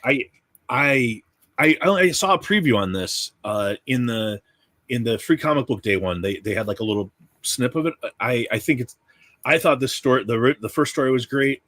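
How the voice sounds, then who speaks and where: Male streamer, casual and enthusiastic, halting restarts, mid pitch, dry close mic. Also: expressive, a bit bright, dry recording. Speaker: co-host of a comics livestream. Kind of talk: casual chat. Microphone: livestream setup.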